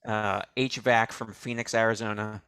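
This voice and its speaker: A man co-hosting a comedy show, dry and rambling with hesitant fillers, pitching a clip. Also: flat delivery, normal speed, a bit bright, smooth, dry recording. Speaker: co-host. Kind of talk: casual comedic chat.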